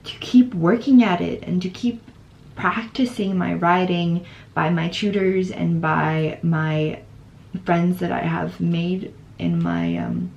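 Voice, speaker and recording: Slow, soft-spoken young woman reflecting. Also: fairly low pitch, vocal fry, muffled recording. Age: young adult. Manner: earnest, tender, reflective. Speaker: exchange student vlogger. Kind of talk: heartfelt personal reflection. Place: her room by a window.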